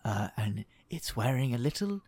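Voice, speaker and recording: A man runs a comedy tabletop game as game master. His pitch is middling. He stumbles through restarts and fillers, and the sound is dry and close to the mic. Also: big pitch swings, a little mellow, husky, dry recording. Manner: halting, lots of restarts and fillers.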